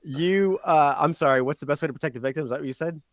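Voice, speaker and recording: A man's voice: on the high side, fast, dry recording. Man rambling as game master, dry close mic. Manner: rambling, giggly narration full of ums. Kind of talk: narrating a tabletop game.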